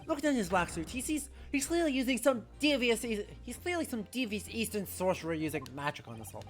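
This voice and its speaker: A woman voicing a loud, paranoid male juror who blusters and stammers. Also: fairly high pitch, sing-song, fairly quick, soft background music. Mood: alarmed.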